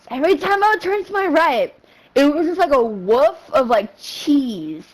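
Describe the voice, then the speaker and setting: A young woman with a high voice tells a rambling story while she streams a game. Her speech is casual, slangy and full of swearing. Her pitch swings widely, and laughter keeps slipping into her talk. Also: normal speed, poor audio. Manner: slangy, profane, rambling with many fillers; animated, breaks into laughter.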